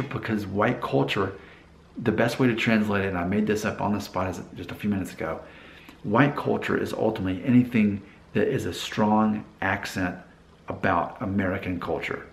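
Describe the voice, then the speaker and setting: A man's voice: on the low side, reverberant. A man in casual vlog talk, rambling a little, with restarts and asides. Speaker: vlogger. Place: Nashville.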